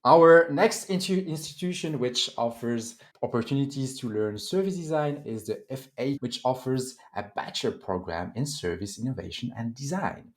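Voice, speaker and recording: A man with a French accent hosting an online panel, introducing guests with lively, filler-laden delivery. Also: mid-range voice, normal speed, few pauses. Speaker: host and moderator.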